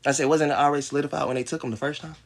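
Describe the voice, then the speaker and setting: A man's voice: a little high, steady tone, rapid-fire, gravelly. A man in his twenties ranting to his livestream viewers, heated and defensive, swearing often and breaking into bitter laughs. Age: 20s. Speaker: livestream host. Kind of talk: ranting monologue to live viewers.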